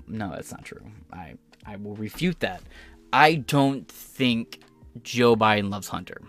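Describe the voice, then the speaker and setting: Low-voiced American man ranting on a podcast. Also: animated, unhurried, a bit bright. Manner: profane, sarcastic, digressive. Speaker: podcast host. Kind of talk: casual rambling rant. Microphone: audio-only podcast mic.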